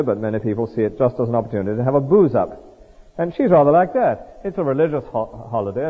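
A man with a slightly husky voice delivers a sermon, his pitch rising and falling a great deal as he explains scripture verse by verse. The sound is thin and tinny, like a phone line. A long reverb hangs around him, as in a large hall. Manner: lively, explanatory, reads verses aloud and comments on them. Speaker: preacher.

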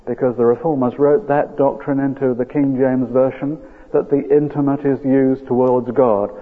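A man's voice: medium pitch, fairly even intonation. An older man preaching a sermon, earnest and emphatic, leaning hard on key words as his feeling rises. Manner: earnest, emphatic, rising with feeling, drawn-out stresses. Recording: phone-like old radio broadcast with long reverb.

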